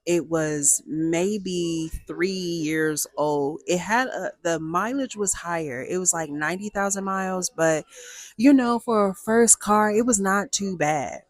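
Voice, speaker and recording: A woman hosting a casual storytime vlog, talking in a playful, animated way and acting out dialogue with big jumps in her voice. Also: fairly low pitch, slow pace, no echo. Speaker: storyteller host.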